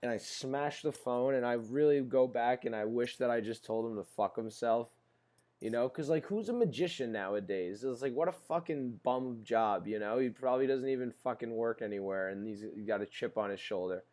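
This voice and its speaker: A young man co-hosting a podcast from a video call, his pitch sitting right in the middle for a man. He rambles through stories in loose casual chat, swears freely and leans on fillers. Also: moderate pace, darkish tone. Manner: profane, rambling storyteller. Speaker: podcast co-host.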